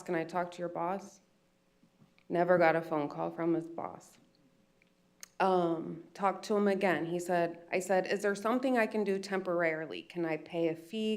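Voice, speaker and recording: A woman with an American accent, a business owner making an upset, emotional public comment at a county meeting. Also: on the low side. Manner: upset, pleading, retells phone calls.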